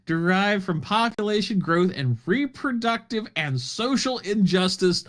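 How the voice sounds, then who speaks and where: A man's voice: high-pitched, lively intonation, a little slow, fairly bright tone. A man co-hosting a podcast over an online voice call, reading a text aloud in a mock-earnest tone and laughing often. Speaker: podcast co-host.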